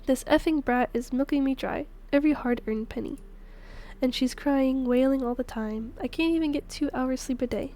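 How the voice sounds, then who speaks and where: Woman streamer voicing a desperate young mother, high voice, self-pitying and resentful. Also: moderate pace, warm tone, natural voice. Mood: bitter.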